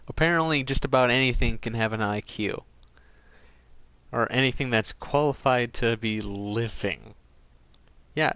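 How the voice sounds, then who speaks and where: Recorded dry, this gaming-channel host speaks in a mid-range, rather bright voice. As he plays, his easygoing commentary keeps hopping between playful digressions.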